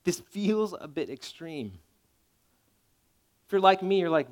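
A man's voice: fairly high pitch, animated, normal speed, darkish tone. A man preaching a sermon as pastor, talking in a conversational but emphatic way and checking in with his listeners as he goes.

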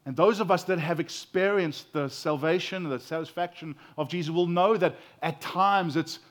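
A man's voice: on the high side, normal speed. Earnest South African male preacher. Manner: earnest, expressive, rising and falling emphasis. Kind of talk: sermon.

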